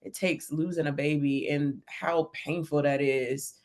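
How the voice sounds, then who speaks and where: A woman's voice: low-pitched, fairly even intonation, unhurried, a little mellow. A woman hosting a podcast, framing a question in an encouraging, faith-centered way. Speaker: podcast host. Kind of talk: interview question.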